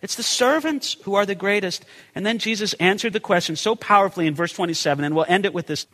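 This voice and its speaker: A man's voice: high-pitched, fast, few pauses, in a large hall. A male pastor preaching a conversational sermon, asking rhetorical questions and acting out the people in the passage. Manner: animated, acts out the people in the story. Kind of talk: expository sermon.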